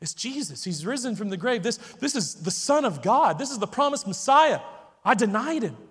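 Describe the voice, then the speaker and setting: High-voiced preacher in an echoey hall. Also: male voice, sing-song, normal speed, breathy edge. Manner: dramatic storytelling, addressing listeners with questions. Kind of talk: sermon.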